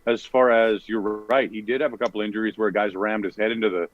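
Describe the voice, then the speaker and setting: Rambling comedian, low-voiced man, dull dry audio. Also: fairly even intonation, a little fast, no room sound, faint music behind. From Canada. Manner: rambling, self-correcting storyteller. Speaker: comedian guest. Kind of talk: casual podcast chat.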